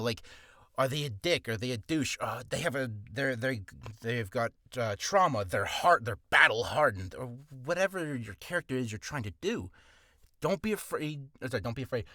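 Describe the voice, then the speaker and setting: A man's voice: medium pitch, a bit bright, dry recording. A man who is a voice actor, giving a casual tutorial in a rambling way with many restarts and apologies, recorded in a home booth on a studio mic. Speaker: voice actor teaching. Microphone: studio mic with pop filter.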